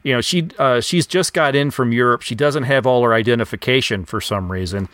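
A man co-hosting a podcast, retelling a film scene in an unhurried, relaxed way. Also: medium pitch, no room sound. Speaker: podcast co-host. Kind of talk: casual film discussion.

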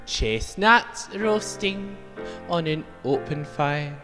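A man's voice: fairly high pitch, lively intonation, slow, big-room sound, music in the background, voice pushed up. A man talk-singing a Christmas carol in an exaggerated mock Scottish accent that slips into Irish, barely singing. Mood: crooning. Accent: mock Scottish drifting into Irish.

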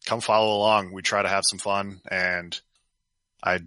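Bright easygoing male guest. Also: low-pitched, little pitch movement, moderate pace, smooth, no room sound. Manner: easygoing, self-deprecating. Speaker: podcast guest, gear company owner. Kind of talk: casual chat.

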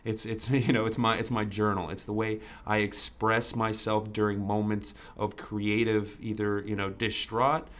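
A man's voice: lowish voice, flat delivery, normal speed, hardly any pauses, a bit bright. A young man, a podcast guest, telling his story in an earnest, candid way, full of "you know" and restarts.

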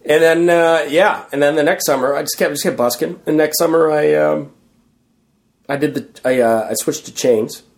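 A man's voice: fairly high pitch, moderate pace, vocal fry. A Canadian man, a street performer, telling rambling, self-deprecating stories full of fillers in a casual interview.

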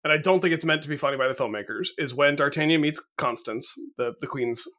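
A man's voice: fairly high pitch, quick pace, sharp tone. An American man hosting a podcast, chatting casually with lots of fillers and frequent laughs. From United States. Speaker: podcast host. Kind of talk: casual chat.

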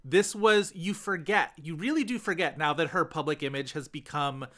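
A man's voice: a little high, normal speed, sharp tone. A man co-hosting a film podcast, chatting casually and rambling with many fillers. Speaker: podcast co-host.

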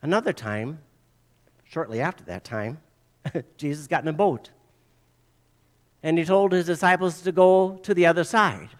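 A male pastor with a fairly high voice preaches a sermon at a moderate pace, pausing often. He retells stories, acts out the voices of the people he quotes, and repeats phrases for emphasis.

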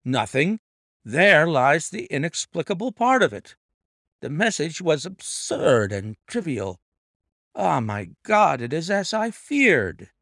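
A man playing an agitated young man, earnest, lively pitch, gravelly, close and dry. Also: slow pace, no room sound, exaggerated voice. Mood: distressed. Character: distressed young man telling his tale.

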